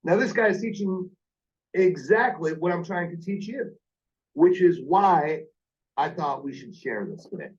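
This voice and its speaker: A man trains call-center staff on phone sales, speaking emphatically and repeating his key points. His voice sits high and is animated yet unhurried, and the audio is dull.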